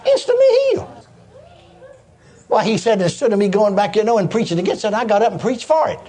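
A man's voice: sits high, quick pace. An older man preaching a sermon, telling stories with lots of repetition and chuckles. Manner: animated storytelling with repetitions and laughs.

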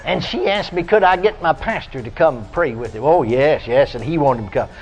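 An older man preaching a folksy radio sermon, telling stories and breaking into high, shouted praise. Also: lively intonation, brisk, music in the background. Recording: dull lo-fi archive radio recording.

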